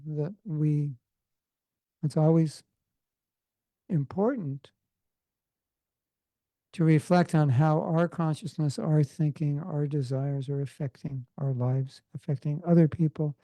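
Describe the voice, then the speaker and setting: Gravelly, mellow Californian man teaching. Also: fairly high pitch, dry recording, poor audio. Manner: conversational, joking asides. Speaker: spiritual teacher. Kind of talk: informal devotional class.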